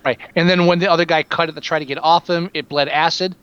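A man chatting casually about a film, sarcastic, animated and quick to swear. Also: on the high side, clean tone, lo-fi sound. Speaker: podcast co-host reviewing a film. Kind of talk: casual profane movie chat.

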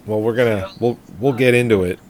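A man's voice: fairly low pitch, fairly even intonation, fairly quick, a little mellow. A man co-hosting a casual film podcast, recapping plot in a rambling, hesitant way with many fillers. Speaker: podcast co-host.

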